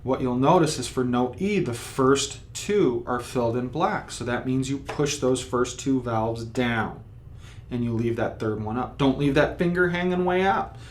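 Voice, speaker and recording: A man's voice: mid-range voice, a little slow. Patient male trumpet teacher explaining steps. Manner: patient, step-by-step explaining with spoken demonstrations. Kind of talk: instructional video lesson.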